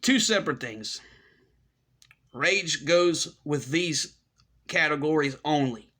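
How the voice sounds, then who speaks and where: A man's voice: fairly high pitch, lively intonation, slow pace, sharp tone. A middle-aged man delivering a scornful, repetitive ranting monologue as a commentary host.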